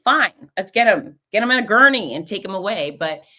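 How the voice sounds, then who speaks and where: A woman hosting a show, telling stories in a casual, animated way and acting out the voices of the people in them. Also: medium pitch, fairly quick. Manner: animated, acts out quoted voices. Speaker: podcast host and race announcer. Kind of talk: casual storytelling recap.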